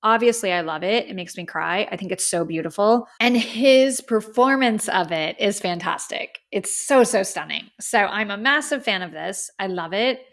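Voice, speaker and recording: A woman's voice: mid-range voice, animated, normal speed, few pauses, a bit bright. A woman hosting a casual music review podcast, talking in an effusive, heartfelt way and often saying "like.". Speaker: podcast host.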